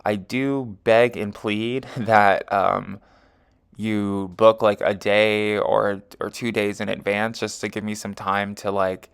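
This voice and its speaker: A man's voice: on the low side, level tone, takes it slowly, vocal fry, smooth. A man reading an astrology chart in a casual, rambling monologue, full of fillers and self-corrections. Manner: rambling, heavy with fillers like um and you know. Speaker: astrology and tarot reader.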